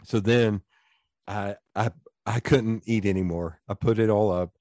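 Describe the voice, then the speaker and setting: A man with a Southern East Tennessee accent, hosting a podcast and telling animated stories in casual chat, swearing freely. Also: fairly low pitch, measured pace, dry recording. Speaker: podcast host.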